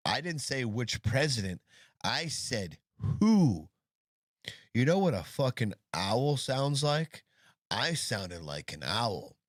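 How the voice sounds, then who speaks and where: An indignant man in the middle of a heated argument, sarcastic and swearing, leaning hard on single words. His voice sits at an ordinary pitch, and the sound is close and dry with no room around it. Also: big pitch swings, slow, fairly bright tone, no room sound.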